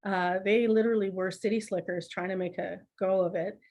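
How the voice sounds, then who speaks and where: A middle-aged woman, a podcast guest telling family stories in a lively, laughing, conversational way. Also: mid-range voice, a little fast, faint music behind. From Canada. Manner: laughs often, animated anecdotes with acted quotes. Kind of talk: conversational storytelling.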